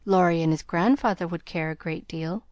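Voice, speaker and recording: A woman reading the lines of a shy, sincere young woman in an audiobook, soft-spoken and timid. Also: lowish voice, moderate pace, no echo, natural voice.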